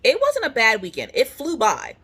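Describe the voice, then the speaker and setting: A woman's voice: on the high side, huge pitch swings, normal speed, a bit bright, husky. A young adult woman in a casual at-home chat, telling a story in a dramatic, comic way and acting out the people in it. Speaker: craft vlogger. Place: at home on a couch.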